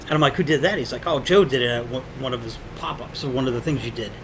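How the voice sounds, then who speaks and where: A man's voice: medium pitch, background noise. A man from Connecticut, a supply shop owner, telling stories as a guest with acted-out quotes and frequent swearing. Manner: rapid storytelling with quoted dialogue, swearing. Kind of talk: casual chat.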